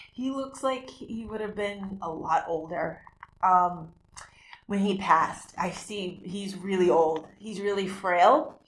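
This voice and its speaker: Echoey woman giving a psychic reading. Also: medium pitch. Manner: rambling, halting delivery with frequent restarts. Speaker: psychic medium and show host. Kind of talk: live psychic reading on a talk show. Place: community TV studio. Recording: roomy, echoey room sound.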